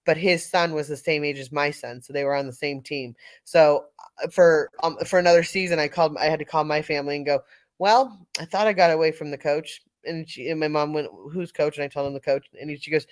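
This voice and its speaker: A woman's voice: low voice, fairly even intonation, fairly quick, dry recording. A middle-aged woman from California, telling a casual story on a live audio panel, laughing often and restarting her sentences. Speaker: panel speaker.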